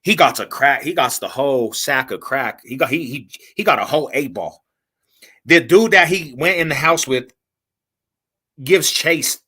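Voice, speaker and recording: Bright-voiced man telling a wild story. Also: medium pitch, moderate pace, husky. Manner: animated, slangy, profane, acts out quotes. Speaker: podcast guest. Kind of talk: casual storytelling.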